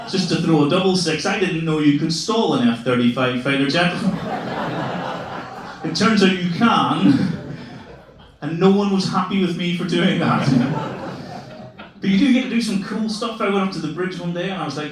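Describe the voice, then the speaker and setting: An Irish man in his forties, his voice high-sitting, expressive and brisk, performs stand-up in a comedy club before a live audience. He swears freely and laughs as he teases the crowd, and the recording is echoey and distant, with audience laughter.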